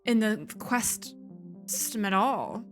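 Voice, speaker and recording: A woman streams a video game in casual let's-play commentary. She talks in a chatty way, swears freely and sounds frustrated. Her voice sits a little high, with faint music behind. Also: lively intonation, slow.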